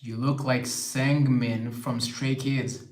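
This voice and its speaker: A young livestream host speaks slowly in a mid-range voice that barely moves in pitch. He reads out what viewers have written and replies conversationally, and the room he's in sounds echoey.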